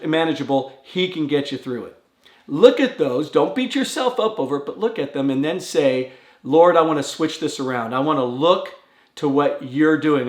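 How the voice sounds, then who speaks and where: A man gives an earnest, conversational devotional talk in a slightly higher voice. He acts out quoted prayers with a rising pitch, and the room adds a noticeable echo. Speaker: pastor.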